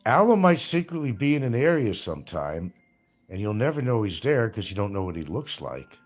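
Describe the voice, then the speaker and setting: A man's voice: on the low side, very animated, a little fast, soft background music. A man hosting a livestream, reading chat comments aloud and mocking people in a rambling, crude way. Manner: crude, mocking, laughs at his own jokes.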